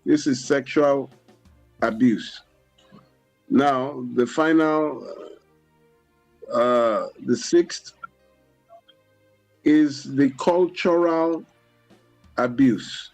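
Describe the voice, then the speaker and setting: A man with a Nigerian English accent, a guest expert on a radio talk show, explaining things deliberately and often saying "you know". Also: mid-range voice, a little mellow, faint music behind, low-quality recording. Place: radio studio.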